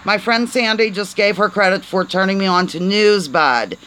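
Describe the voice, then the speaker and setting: A woman's voice: medium pitch, moderate pace, a bit bright, smooth, rough recording. A woman hosting a casual live stream, chatty and playful, often stumbling over words and asking her viewers to help. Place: on a porch, outdoors.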